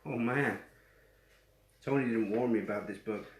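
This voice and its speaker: A man's voice: on the low side, normal speed, a little hiss or hum. A man with a West Yorkshire accent reading a children's story aloud, with chatty asides to young listeners. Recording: roomy echo.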